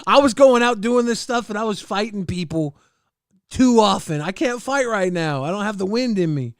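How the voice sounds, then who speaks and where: A man's voice: high-pitched, lively intonation, normal speed, clean tone, dry recording, clean studio sound. A middle-aged man hosting a casual chat show, laughing through his own stories as he reads out chat comments. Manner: storytelling, laughs through anecdotes. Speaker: show host. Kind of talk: casual chat reacting to old clips.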